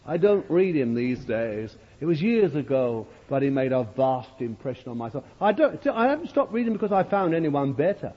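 Male preacher, husky and lively, slow dramatic sermon delivery, dull old recording in a big echoing hall. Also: mid-range voice. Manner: dramatic storyteller, swings from loud to hushed.

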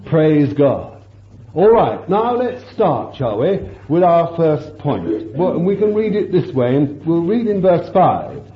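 A man's voice: on the high side, very animated, slow pace. A man preaching a fervent sermon, breaking into exclamations of praise and asking his listeners rhetorical questions. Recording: echoey dull lo-fi sermon recording.

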